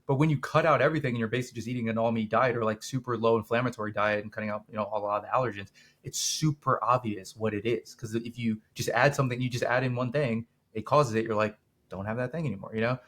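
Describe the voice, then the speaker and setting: Man, young adult, podcast guest, casual chat, rambling, filler-heavy, medium pitch. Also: fairly even intonation, fast talker, a bit bright. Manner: rambling, many fillers and restarts. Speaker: documentary co-producer, guest.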